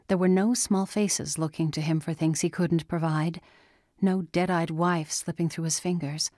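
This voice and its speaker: A woman narrating an audiobook in a steady, even storytelling manner. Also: lowish voice, no echo, studio quality. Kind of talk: scripted narration.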